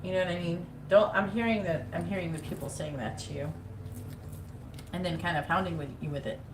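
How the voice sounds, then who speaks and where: With a lowish, fairly even-toned voice and a slightly quick delivery, a psychic gives a live tarot reading, cursing liberally and imitating naggy voices. The setting is an echoey room with faint ambience, and the background is noisy.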